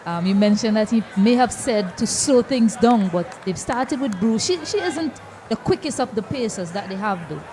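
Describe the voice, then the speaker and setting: A woman with a Vincentian accent co-commentating a cricket match, measured and reading out statistics. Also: a little high, lively intonation, noisy background. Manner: measured, reads out stats. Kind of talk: live sports commentary. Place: outdoor cricket ground.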